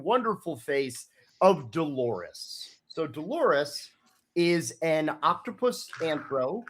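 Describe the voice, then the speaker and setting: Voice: mid-range voice, a little hiss or hum. A game master narrating a tabletop role-playing scene in a loose, rambling way with many fillers.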